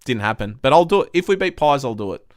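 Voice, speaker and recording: A man's voice: medium pitch, sing-song, quick pace, no echo, clean studio sound. A young man hosting a live stream, reading viewer comments and ranting bluntly with lots of swearing. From Australia. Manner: blunt, swears a lot, frustrated.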